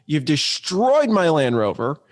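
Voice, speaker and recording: An irate male car owner rants in an indignant, accusing tone, his voice pitched up sharply, as a man puts him on while telling a story. He sounds outraged and demanding. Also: sing-song, measured pace. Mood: furious.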